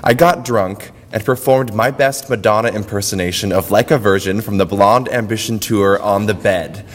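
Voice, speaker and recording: A man's voice: lowish voice, moderate pace. A man performing a personal monologue on stage in short, clipped phrases. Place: university event hall. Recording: long hall reverb.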